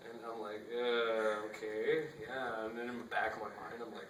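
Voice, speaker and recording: A man's voice: lowish voice, takes it slowly, pauses often, background noise. A young man casually telling a rambling story, acting out the dialogue and laughing often, recorded on a phone. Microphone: phone camera. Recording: echoey phone recording from a distance.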